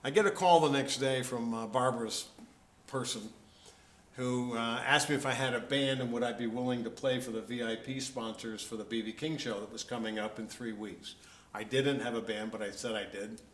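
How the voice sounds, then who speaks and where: A man's voice: mid-range voice, steady tone, normal speed, a bit bright. Wry storytelling man in a roomy echo. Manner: wry, self-deprecating humor. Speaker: interviewed musician. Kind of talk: casual anecdotal storytelling. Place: event venue, indoors. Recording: roomy echo, faint background noise.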